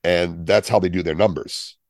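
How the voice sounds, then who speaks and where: Male podcast co-host, 50s, very low voice, jokey tangents, dry booth. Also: steady tone, moderate pace, a little mellow, no echo. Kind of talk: casual chat.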